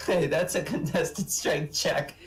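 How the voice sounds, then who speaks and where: A man's voice: on the high side, takes it slowly, faint music behind. A man playing in a tabletop game, talking through his moves hesitantly. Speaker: player.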